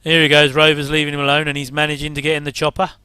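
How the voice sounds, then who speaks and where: A middle-aged man chats his way through an old episode, full of wry asides and quick chuckles. His voice sits a little high, bright and crisp. It is recorded dry and close. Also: monotone, no echo. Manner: chatty, rambling asides, wry jokes and chuckles. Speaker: commentator reacting to an old TV episode. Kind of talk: casual watch-along commentary.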